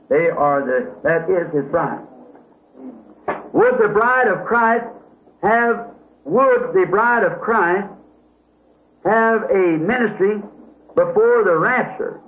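A man's voice: sits high, reverberant. A man preaching a question-and-answer sermon in a folksy way, often asking "see?" and correcting himself. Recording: tinny lo-fi old tape with hiss.

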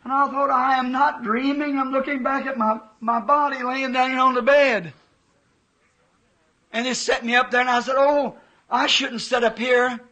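A man's voice: very high voice, little pitch movement, moderate pace, pushed and bright, poor audio. A man preaching a sermon, telling a vision with emotional, fervent quoted dialogue.

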